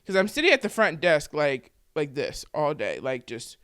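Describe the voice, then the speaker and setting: A woman's voice: deep voice, big pitch swings, moderate pace, hardly any pauses, a bit bright, clean tone, no echo, studio quality. A woman in her twenties telling her own story to the camera in a candid, conversational way, with plenty of "like" fillers. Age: 20s. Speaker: vlogger and podcaster.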